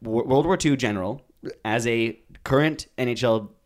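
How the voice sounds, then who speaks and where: A man co-hosting an improvised comedy podcast, teasing his partner with quick interjections and deadpan redirects. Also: mid-range voice. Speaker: podcast co-host.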